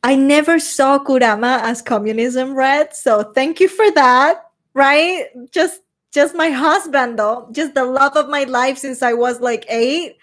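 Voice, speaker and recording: A woman's voice: sits high, a little slow, fairly bright tone. Chatty young woman reading chat. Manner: rambling, swears casually, switches into Spanish. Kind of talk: casual live chat.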